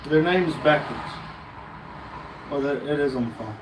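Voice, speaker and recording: A man's voice: a little high, a little slow, reverberant, far from the mic, noisy background. A man, co-hosting a casual livestream with offhand joking remarks. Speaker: co-host on livestream.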